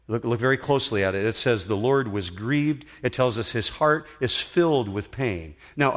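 A middle-aged pastor delivers a sermon in an auditorium, his medium-pitched voice a little bright. He sounds earnest and emphatic, leaning on dramatic pauses.

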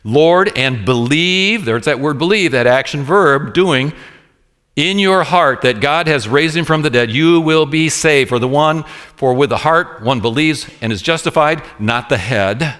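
A man delivers a sermon from the pulpit. His voice sits a little high for a man. He repeats key phrases and slows right down to stress them. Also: fairly bright tone. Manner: preaching with sudden slowed emphasis and repeated phrases. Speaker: pastor. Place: church room with congregation.

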